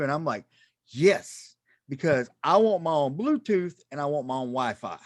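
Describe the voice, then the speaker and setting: A man performing stand-up into a stage mic, self-deprecating and halting, with plenty of ums between his jokes. His voice sits a touch high for a man, and the sound is close and dry. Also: expressive, no room sound. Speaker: stand-up comedian. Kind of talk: stand-up comedy set.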